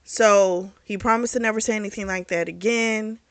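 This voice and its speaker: In a dry recording, a woman with a medium-pitched voice speaks at a normal pace and a steady tone while reviewing a book. She retells the plot casually and candidly, rambling with lots of fillers and self-corrections. She's chatty and frank about the explicit scenes.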